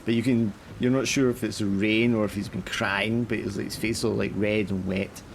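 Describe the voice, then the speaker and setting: A man's voice: on the low side, fairly even intonation, normal speed, gravelly, a little hiss or hum. A man narrating a tabletop horror game as game master, casual and full of fillers.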